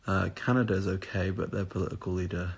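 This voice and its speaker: A man's voice: low-pitched, fairly even intonation, a little fast, slightly rough. A tired young man chatting casually on a live stream, reading out viewer comments and answering them in a rambling way with casual swearing. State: tired and up at odd hours.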